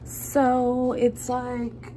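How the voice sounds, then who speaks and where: A woman's voice: fairly high pitch, monotone, extremely slow, dark tone, a little hiss or hum. A young adult woman vlogging casually to her phone camera, confiding and chatty, with many fillers. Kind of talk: casual vlog talk to camera.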